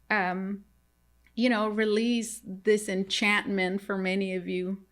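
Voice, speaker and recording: Flat-voiced woman giving a tarot reading. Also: mid-range voice. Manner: halting and repetitive, keeps addressing viewers. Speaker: tarot reader. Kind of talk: casual tarot reading to viewers.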